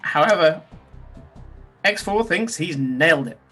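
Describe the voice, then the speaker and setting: A man's voice: fairly high pitch, lively intonation, measured pace, pushed and bright, faint music behind. A man narrating as game master in a tabletop game, talking loosely with fillers and restarts. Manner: loose, descriptive, many ums and restarts.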